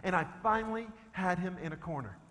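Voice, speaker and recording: A male pastor telling a comic story in a sermon, shifting between loud shouts and hushed low talk. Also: animated, fairly quick. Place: church sanctuary. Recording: long reverb of a church hall.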